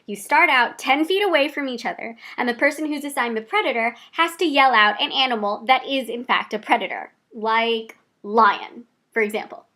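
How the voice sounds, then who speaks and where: Chatty young woman with a higher voice. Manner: chatty and animated, with quick asides. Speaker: vlogger. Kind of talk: casual personal storytelling to camera.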